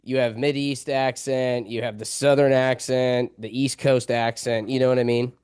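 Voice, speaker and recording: A man's voice: mid-range voice, level tone, moderate pace, darkish tone, clear, resonant tone, no echo, clean studio sound. A man hosting a casual interview, asking loose, easygoing questions in a chatty way. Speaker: podcast host.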